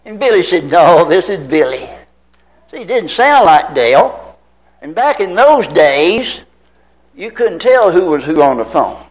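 Poor audio captures a very animated Tennessee man in his seventies preaching. His voice sits high and his pace is measured as he shapes his sermon into a folksy personal anecdote full of rhetorical questions.

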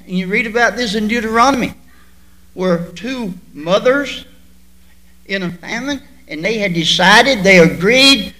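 A man preaching a sermon to his church, with sudden loud bursts and drawn-out emphasis. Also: high voice, rough recording. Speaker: pastor.

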